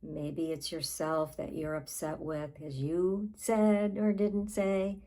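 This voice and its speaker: A woman life coach guiding a tapping session, talking in a calm, unhurried way and pausing between phrases. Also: sits low, poor audio.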